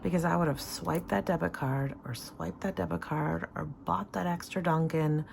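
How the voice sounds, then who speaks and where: Woman vlogger, casual and emotional, creaky low voice, noisy home recording. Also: moderate pace. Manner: excited, emotional, counting money aloud. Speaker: savings vlogger. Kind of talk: casual cash-stuffing vlog.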